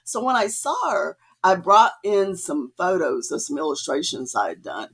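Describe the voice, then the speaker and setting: A woman guest telling her story in a casual interview, chatty and lively, acting out remembered conversations. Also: normal speed, breathy edge. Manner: chatty, acts out quoted dialogue with rising pitch. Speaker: guest artist.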